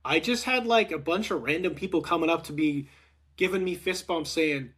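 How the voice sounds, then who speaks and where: A man hosting a casual chat, telling a story and acting out the quotes with rising excitement. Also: fairly high pitch, moderate pace, slightly rough. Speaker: podcast host.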